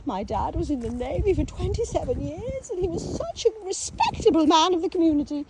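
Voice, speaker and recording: A woman's voice: extremely high pitch, very animated, a little fast, darkish tone, slight background noise. A woman from England telling her own life story in a casual monologue, theatrical and sardonic, swearing, acting out voices and mocking herself. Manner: theatrical, swears, acts out voices, breaks into song; sardonic, self-mocking asides.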